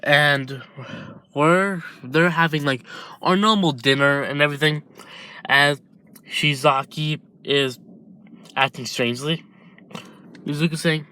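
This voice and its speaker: A man narrates an improvised fan story in a slow, halting way, often stopping to restart his sentences. His voice has a bright, tense edge. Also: on the high side, slight background noise.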